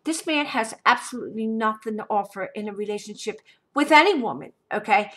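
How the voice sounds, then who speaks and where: A woman's voice: fairly high pitch, animated, brisk, pushed and bright. A woman vlogger telling a personal story in an emphatic, indignant way, often checking in with "okay?". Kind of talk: casual storytelling to camera.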